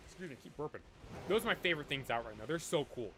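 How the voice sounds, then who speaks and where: A man's voice: on the high side, animated, racing, fairly bright tone, a little hiss or hum. A man chatting casually on a live stream, rambling and talking straight to his chat. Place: cold room at home.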